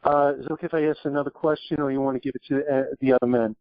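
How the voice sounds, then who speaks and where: A man's voice: medium pitch, fairly even intonation, very fast, no echo. Male caller, earnest, hesitant, muffled lo-fi call audio, dry sound. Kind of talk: caller asking questions on a podcast.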